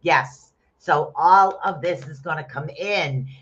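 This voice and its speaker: A man giving casual rune readings on a live stream, chatting with viewers and bursting into loud exclamations. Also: a little high, slow, husky. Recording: dull lo-fi stream audio.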